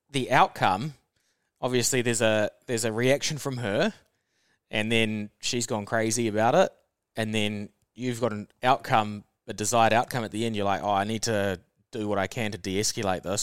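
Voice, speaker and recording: Easygoing New Zealand man, low and smooth. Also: fairly even intonation, moderate pace, fairly bright tone, no echo, clean studio sound. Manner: easygoing, explains step by step with fillers. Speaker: podcast co-host. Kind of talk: casual chat.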